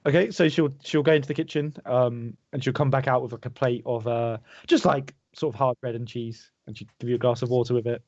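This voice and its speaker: A man's voice: mid-range voice, steady tone, a little fast, few pauses, a little mellow, dry recording, highs cut off. A man running a tabletop game as dungeon master, narrating casually and chuckling often.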